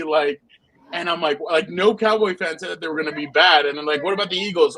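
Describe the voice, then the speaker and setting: A man co-hosting a casual football podcast, telling animated anecdotes and laughing often. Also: a little high, fast, poor audio. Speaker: podcast co-host, football reporter. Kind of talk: casual sports podcast chat.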